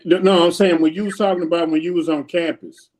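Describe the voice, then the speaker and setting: A man co-hosting a podcast, asking a guest questions in a halting, repetitive way. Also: on the high side, steady tone, darkish tone. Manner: halting, repeats himself while asking. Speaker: podcast co-host, coach. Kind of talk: casual interview chat.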